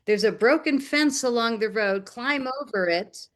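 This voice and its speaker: A woman's voice: on the high side, a little slow. American woman telling stories animatedly. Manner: animated, acts out quoted dialogue. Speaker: interview guest, documentary filmmaker. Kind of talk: casual storytelling in a conversation.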